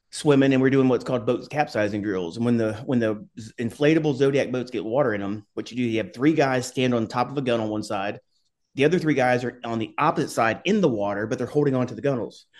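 Middle-aged guy rattling off a story fast, swearing, laughing, casual chat. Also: mid-range voice. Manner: fast, rambling, swears and laughs while telling stories. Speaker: podcast guest, former Army skydiver.

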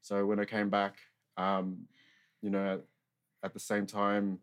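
A young Australian guy shares his life story in a casual chat, his low, monotone voice moving at a measured pace. He rambles, leans hard on filler words, and swears freely.

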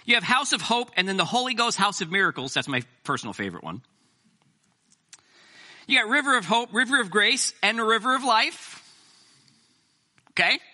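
A middle-aged man preaching a sermon as pastor, animated and joking with the congregation. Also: high voice, moderate pace, long pauses.

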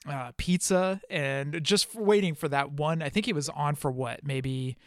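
Higher-voiced chatty podcast host. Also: male voice, moderate pace, no room sound, studio quality. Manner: chatty, laughs often, asks questions. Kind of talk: casual chat.

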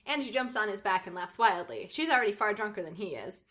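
A woman with a bright, crisp tone reads a story aloud. She keeps a casual pace and breaks off now and then to poke fun at the writing. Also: mid-range voice, lively intonation, fast talker. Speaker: co-host reading a story aloud. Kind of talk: reading aloud with casual commentary.

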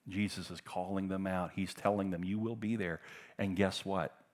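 A middle-aged man preaching a sermon, passionate, moving between loud emphatic bursts and hushed tender passages. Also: sits low, fairly even intonation, moderate pace. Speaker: pastor.

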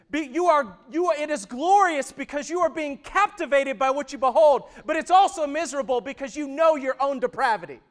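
A man in his thirties preaching a sermon, who moves from loud, emphatic stretches to hushed, intimate ones. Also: very high voice. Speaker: pastor.

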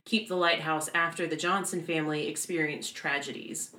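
A woman's voice: low voice, steady tone, moderate pace, pushed and bright, reverberant, slight background noise. A woman in her thirties hosting a podcast, telling a haunted history story in casual chat, with lots of fillers. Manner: chatty, many fillers, laughs easily.

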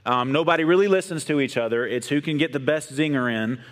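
A man co-hosting a Bible discussion, talking in an earnest, measured way with pauses and fillers. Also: fairly high pitch, in a large hall. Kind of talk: casual discussion.

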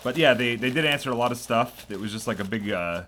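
A woman with an unusually deep, low voice co-hosts a relaxed podcast. Her delivery is dry, easygoing and quietly teasing. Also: quick pace, slight background noise. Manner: dry and laid-back, teasing. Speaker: podcast co-host. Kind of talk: casual podcast chat.

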